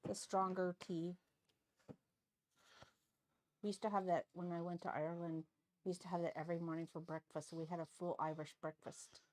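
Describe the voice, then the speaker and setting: A woman's voice: lowish voice, level tone, moderate pace, long pauses, darkish tone. A woman chatting casually with a friend and laughing along. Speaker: friend keeping her company. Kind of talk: casual chat.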